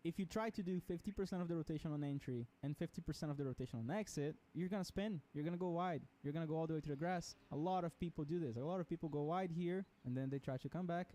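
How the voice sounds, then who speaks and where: A man coaching as he analyzes a racing lap, explaining it in an animated way and acting out the car's motion with little vocal sound effects. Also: on the high side, fast talker, hardly any pauses. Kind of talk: instructional lap analysis commentary.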